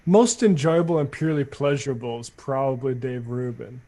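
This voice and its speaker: A man co-hosting a casual panel chat, speaking in a measured, wry way. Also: mid-range voice, warm tone. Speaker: podcast co-host.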